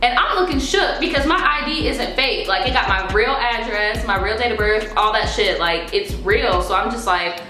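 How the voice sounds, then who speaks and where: A chatty, foul-mouthed young woman from New York, telling a story with lots of energy. Her voice is bright, a little high and forceful. The room sounds echoey, with faint music behind her. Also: normal speed, few pauses. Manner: animated, profane, chatty. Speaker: vlogger. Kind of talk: casual storytime. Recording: roomy echo with faint music.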